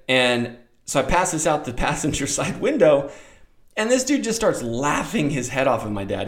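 A middle-aged man telling a rambling, animated childhood story in a casual way, acting out voices. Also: medium pitch, moderate pace. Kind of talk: casual anecdote. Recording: roomy echo.

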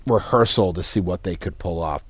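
A man co-hosting a podcast, talking in a relaxed, conversational way with some restarts. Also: deep voice, brisk, breathy edge, no room sound. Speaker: podcast co-host. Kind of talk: casual chat.

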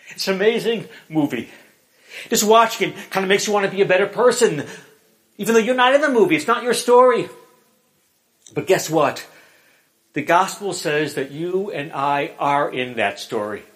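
A man preaching a sermon, retelling a film scene with animated drama before turning to scripture. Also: high voice.

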